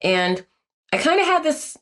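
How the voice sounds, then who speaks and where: A woman's voice: high-pitched, very animated, a little slow, fairly bright tone. A woman in her forties, a guest in an interview, telling her life story in an earnest, reflective way with many filler words. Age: 40s. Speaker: guest, Olympic athlete.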